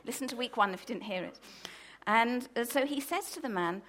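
Woman preacher from the UK, fairly high voice, lively storyteller with loud emphatic bursts. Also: a little fast, a little hiss or hum. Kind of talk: sermon.

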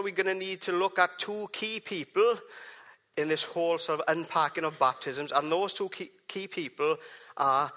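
A man's voice: a little high, sharp tone. A man giving a chatty, jokey church talk, often asking the congregation questions. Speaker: preacher.

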